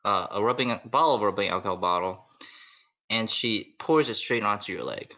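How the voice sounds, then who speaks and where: A man's voice: on the low side, moderate pace, sharp tone. A man narrating a tabletop role-playing game as its game master, loose and casual with lots of fillers.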